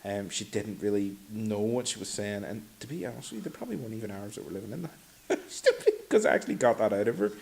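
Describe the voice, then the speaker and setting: A man with a low voice talks in an easygoing, reflective way as a podcast guest. Faint hiss sits under the recording. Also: quick pace, creaky. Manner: relaxed, reflective storyteller. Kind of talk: casual chat.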